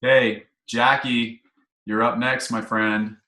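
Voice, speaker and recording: A woman with a very low voice hosts a casual group chat. She sounds upbeat and affirming as she introduces each speaker. Her voice echoes in the room. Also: flat delivery, takes it slowly, noisy background. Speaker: host.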